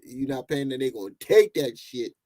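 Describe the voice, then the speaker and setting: A man's voice: mid-range voice, animated, normal speed, mellow. A man giving mocking, laughing commentary as he reacts to a video clip.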